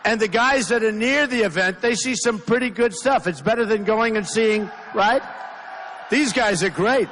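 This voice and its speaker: Brief: male political candidate at a rally, raised pitch, repeats himself emphatically, long hall reverb. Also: moderate pace, fairly bright tone, a little hiss or hum. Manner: rambling, repetitive, emphatic. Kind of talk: campaign rally speech. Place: large rally venue.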